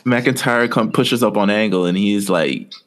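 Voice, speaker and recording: A man's voice: on the low side, unhurried. A man co-hosting a podcast, casually rambling through a story with lots of fillers. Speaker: podcast co-host. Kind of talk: casual chat.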